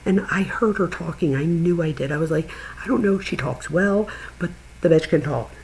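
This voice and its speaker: A middle-aged woman and channel host, chatting casually with viewers and telling an animated story, laughing as she goes. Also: lowish voice, normal speed, slight background noise, rough recording. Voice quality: gravelly, husky. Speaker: true crime channel host.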